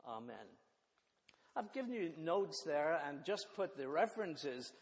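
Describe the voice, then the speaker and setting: A man preaching a sermon, halting and repeating words as he thinks aloud. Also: a little high, expressive. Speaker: pastor. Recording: reverberant church hall.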